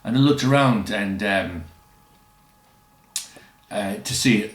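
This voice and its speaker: A man's voice: on the low side, slow. A man telling rambling, chuckling anecdotes in casual chat. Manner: rambling, chuckling, doing quoted voices. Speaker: storyteller. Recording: roomy echo.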